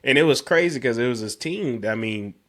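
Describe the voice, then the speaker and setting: Hoarse man telling stories, slangy. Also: mid-range voice, a little fast. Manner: animated storytelling, slangy. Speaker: podcast co-host. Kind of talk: casual chat.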